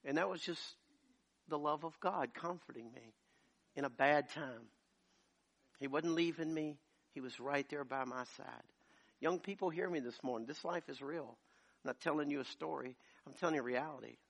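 A man preaching a sermon as pastor, moving from quiet storytelling to loud, shouted preaching. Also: on the high side, moderate pace, creaky. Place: church.

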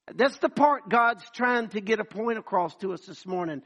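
A man's voice: high-pitched, lively intonation, moderate pace, husky. A man preaching a sermon as pastor, calling out to the congregation and acting out voices as he goes.

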